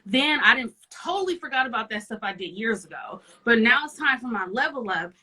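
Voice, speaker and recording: A woman in her thirties, a guest in a casual chat, telling a confessional story in a lively way. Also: fairly high pitch, a little fast, slightly rough, poor audio.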